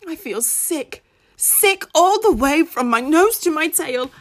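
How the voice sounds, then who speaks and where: A woman's voice: sits high, lively intonation, slow. A woman narrating a children's story expressively in the first person, using childlike grammar. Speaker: audiobook narrator.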